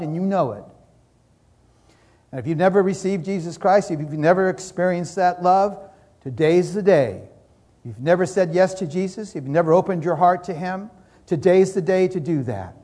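Fervent preacher man, higher pitch. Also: normal speed, dark tone. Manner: fervent, repetitive preaching with quoted prayers. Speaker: pastor. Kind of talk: sermon.

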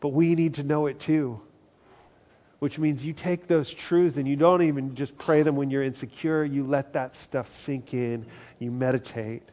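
A man preaching a conversational sermon, acting out quoted voices and often dropping to a hushed tone. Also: mid-range voice, steady tone, moderate pace. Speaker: pastor. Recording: dull lo-fi sound.

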